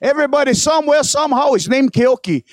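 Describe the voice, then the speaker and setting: A man's voice: very high-pitched, expressive, fast talker, dry recording, clean studio sound. A man preaching a sermon in a church as a guest speaker, playful with joking asides and frequent hallelujahs, losing his voice.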